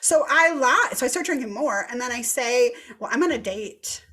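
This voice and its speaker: High-voiced woman telling a candid story. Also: moderate pace. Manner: candid, animated, swears freely, acts out quotes. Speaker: podcast co-host. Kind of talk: casual storytelling chat.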